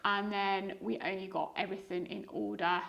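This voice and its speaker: A woman's voice: medium pitch, little pitch movement, normal speed, creaky, a bit bright, dull audio. A woman in her thirties with a diluted Liverpool accent, chatting casually as a guest on a podcast, rambling with fillers and restarts. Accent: diluted Liverpool (Scouse). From Liverpool, England. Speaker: guest eBay reseller.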